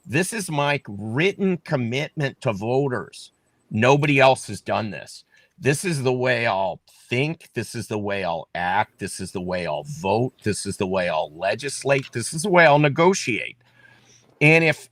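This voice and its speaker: A man's voice: mid-range voice, a bit bright, dry recording. A man running for office, talking emphatically in a casual political chat and often repeating himself. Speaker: political candidate.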